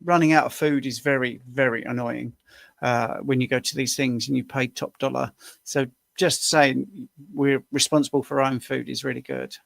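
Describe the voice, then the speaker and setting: Gravelly-voiced man in his sixties on a video call. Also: mid-range voice, fairly even intonation, normal speed, fairly bright tone, no room sound, clean studio sound. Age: 60s. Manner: chatty, rambling explanations with self-deprecating asides. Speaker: guest answering questions. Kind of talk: casual online Q&A.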